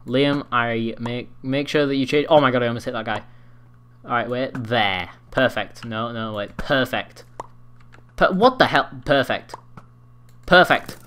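A sixteen-year-old boy doing excitable, foul-mouthed gameplay commentary, trash-talking other players. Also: medium pitch, a little slow, long pauses. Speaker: gaming commentator.

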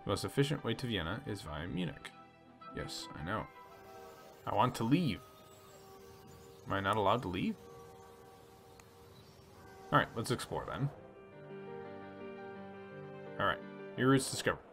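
Gravelly, lively man narrating gameplay. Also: lowish voice, moderate pace, long pauses, faint music behind. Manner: relaxed, reads story text then chats about choices. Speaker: let's play host. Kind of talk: casual gameplay commentary reading game text aloud.

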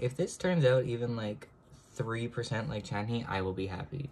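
A young man chatting casually to viewers as he draws, self-mocking, now and then breaking into high excited exclamations. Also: normal speed. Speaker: drawing vlogger. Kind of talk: casual chat while drawing.

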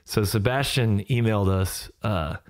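A man, hosting his own podcast in a relaxed, rambling way with many fillers and laughs. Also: fairly low pitch, measured pace. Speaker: podcast host and musician. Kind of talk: casual solo podcast talk.

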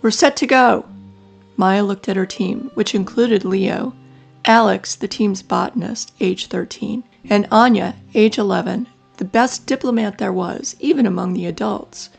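A woman reads a children's space adventure aloud in a calm, measured way. Her voice has a gravelly edge. Soft music plays faintly behind her. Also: mid-range voice. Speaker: storyteller. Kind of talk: children's story narration.

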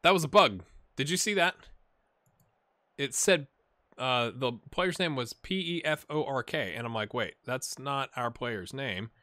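A man casually talking through a sports management game, thinking aloud and breaking into excited play-by-play. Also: a little high, measured pace, pauses often, dry recording. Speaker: gaming channel host. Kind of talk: casual gameplay commentary.

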